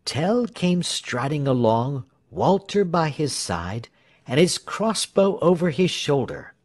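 A man reading a storybook aloud as narrator. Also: fairly high pitch. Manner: slow, lively storytelling with shifting character voices. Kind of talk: storybook reading with acted voices.

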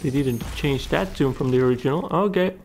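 A man's voice: mid-range voice, fairly quick, darkish tone. A man hosting a gaming channel, giving casual gameplay commentary and muttering and swearing at the game.

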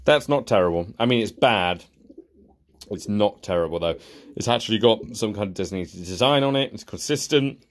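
A man's voice: fairly low pitch, expressive, normal speed. A young man giving sarcastic, exasperated casual commentary while reviewing cheap toys. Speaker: toy reviewer.

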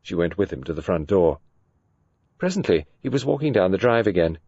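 A man with a low voice narrates a mystery novel as an audiobook. His reading is measured, with a lively, expressive rise and fall, and a faint noise sits beneath it. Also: lo-fi sound. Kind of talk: scripted narration.

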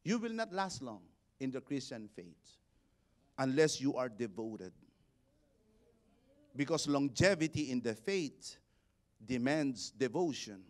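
A man, a bishop preaching a sermon, building to shouted exhortations and leading the congregation in call-and-response. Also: medium pitch, big pitch swings, slow pace, pauses often. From Philippines.

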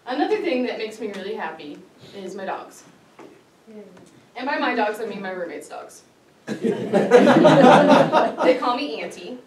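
A woman's voice: medium pitch, big pitch swings, unhurried, long pauses, slight background noise. Lighthearted woman giving a speech from afar. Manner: lighthearted, often laughing. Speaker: club speaker. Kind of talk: prepared public speech. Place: meeting hall with an audience. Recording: roomy hall, mic far off, audience audible.

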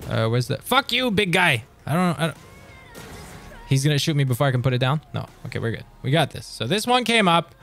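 Young male streamer, lively up-and-down delivery, swears at enemies. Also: medium pitch, a little fast, vocal fry, faint music behind. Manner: swears and talks back to enemies, excitable. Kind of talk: live gameplay commentary.

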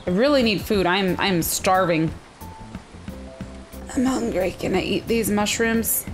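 A woman's voice: medium pitch, a little slow, soft background music. A woman hosting a let's-play game video, narrating her own moves and squealing at every surprise. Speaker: gaming channel host.

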